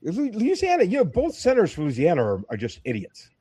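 Male guest, chatty and animated, lively sliding pitch, dry close sound, laughs a lot, frequent restarts. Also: fast, slightly rough, dry recording. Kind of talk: casual political chat.

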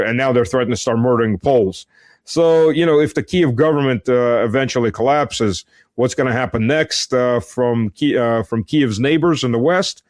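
A man giving unscripted spoken military analysis, halting with many fillers and restarts. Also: medium pitch, no room sound, studio quality. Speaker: military commentator.

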